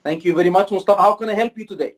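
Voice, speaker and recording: A native Arabic speaker teaching in English as an exam-prep tutor, slow and deliberate, often repeating points and checking understanding. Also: mid-range voice. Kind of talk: online course lecture with role-play.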